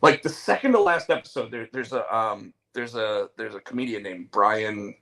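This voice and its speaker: A man's voice: fairly low pitch, normal speed, fairly bright tone, rough recording. A man hosting a casual talk show, telling stories with lots of fillers and restarts. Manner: rambling storyteller, many fillers and restarts. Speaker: show host. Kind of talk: casual chat.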